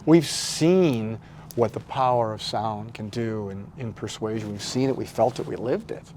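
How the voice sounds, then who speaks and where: A man's voice: fairly low pitch, normal speed, darkish tone, a little hiss or hum. A man hosting a podcast, talking emphatically and animatedly in casual chat. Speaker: podcast host.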